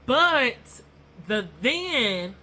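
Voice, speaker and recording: A woman's voice: on the high side, sing-song, extremely slow, pushed and bright. A woman telling a rambling story to her viewers in a casual vlog, chatty and addressing them as y'all. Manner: self-described nervous and non-confrontational. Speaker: YouTuber.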